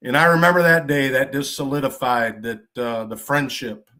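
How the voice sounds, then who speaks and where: A middle-aged Michigan man hosts a podcast, telling stories bluntly in a casual monologue packed with folksy trucker slang and frequent cursing. His voice is medium in pitch, normal in speed, and sounds pushed and bright.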